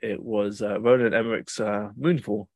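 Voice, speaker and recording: A man's voice: lowish voice, normal speed, dry recording. A young man hosting a podcast, telling long rambling stories in casual chat with plenty of fillers and restarts. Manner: rambling, animated storytelling with many fillers and restarts. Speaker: podcast host.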